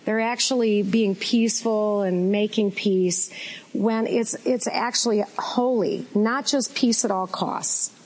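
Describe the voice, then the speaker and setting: A woman's voice: mid-range voice, steady tone, takes it slowly, darkish tone, rough recording. Folksy American woman teaching casually. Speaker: co-host teaching faith and personality types.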